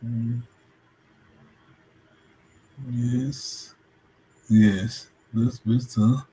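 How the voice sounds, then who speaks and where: Slow, patient man teaching online. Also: medium pitch, level tone, dark tone, breathy edge. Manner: patient, keeps checking that students follow. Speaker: language teacher. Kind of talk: online language lesson. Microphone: video call.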